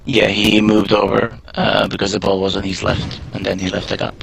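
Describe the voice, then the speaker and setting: A man giving measured expert commentary on a ball game alongside the main caller. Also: on the low side, monotone, creaky, fairly bright tone, slight background noise, rough recording. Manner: measured analytical remarks. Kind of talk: live sports commentary.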